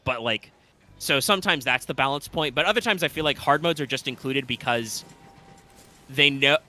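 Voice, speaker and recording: Man, live-stream co-host, bright tense voice, rambling and analytical. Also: mid-range voice, moderate pace, dry recording. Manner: rambling, analytical, thinks aloud. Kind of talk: casual live-stream chat.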